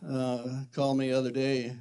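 A middle-aged man, a pastor, preaching a sermon and telling a family story, jumping from loud shouted quotes to soft, hushed prayer. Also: medium pitch, monotone, moderate pace, clear, resonant tone.

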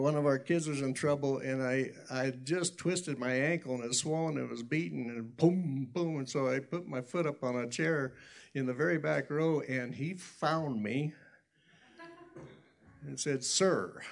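A man's voice: medium pitch, gravelly. A man preaching a sermon in a folksy, rambling storytelling way, often correcting himself and chuckling. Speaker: pastor.

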